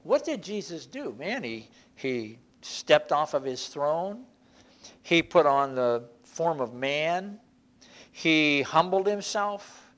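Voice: medium pitch, sing-song, takes it slowly, a bit bright. A Bible class teacher giving an informal church lesson in a conversational, folksy way, often repeating and restarting phrases.

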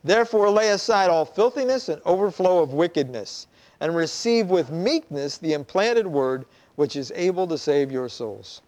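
A preacher relates a story within his sermon, acting out each character's voice with lively energy. His pitch leans high, and he keeps a moderate pace.

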